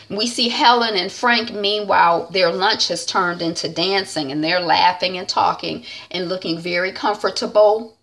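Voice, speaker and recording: A chatty woman recaps a TV episode in a loose, slangy way, scattering "um"s and "like"s through her talk. Her voice is bright and forward. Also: lowish voice, moderate pace, few pauses. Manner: chatty, retells scenes by acting out the characters' lines. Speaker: TV recap vlogger.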